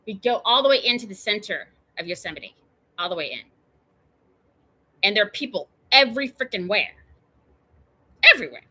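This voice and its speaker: Bright-voiced woman telling a rambling story. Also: mid-range voice, big pitch swings, normal speed, pauses often, breathy edge. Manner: chatty, meandering, full of tangents and fillers. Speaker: show host.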